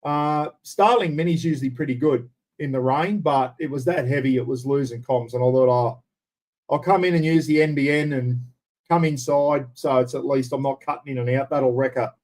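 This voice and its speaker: Greeting his viewers one by one by name, an Australian man runs a laid-back livestream from a room in his house. He talks at a normal speed in a mid-range voice with a darkish tone.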